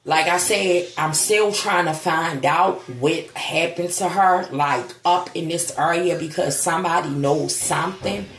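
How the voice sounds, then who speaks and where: A grieving woman talks slowly and heavily in a gravelly, low-set voice, holding back tears as she speaks. She is blunt and swears. The sound is echoey, as if from a bare room at home. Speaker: vlogger. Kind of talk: casual vlog monologue.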